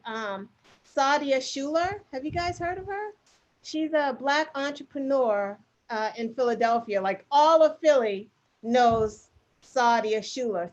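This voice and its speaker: Woman cohost telling a story, lots of likes, higher pitch, muffled audio. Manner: chatty, animated, filler-heavy retelling. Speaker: co-host. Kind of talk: casual storytelling chat.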